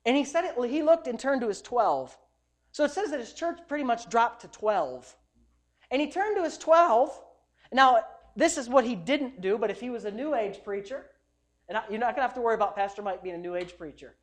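A pastor delivering a sermon in a conversational, emphatic style. His voice swings from loud insistence to quiet asides, talking straight to the people in front of him. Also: very high voice, expressive, brisk.

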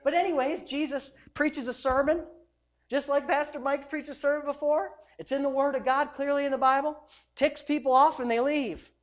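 A man, a pastor, preaching a sermon in an emphatic, conversational way, swinging between loud and soft. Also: very high-pitched, fairly even intonation, moderate pace.

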